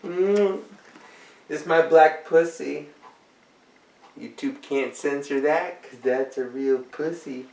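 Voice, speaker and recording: A tired man rambles slowly through a casual vlog, cursing and cracking jokes as he goes. His voice sits back from the mic and echoes around the room. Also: fairly high pitch, creaky, darkish tone. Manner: rambling, profane and jokey. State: tired, yawning. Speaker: vlogger. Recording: roomy, mic far off.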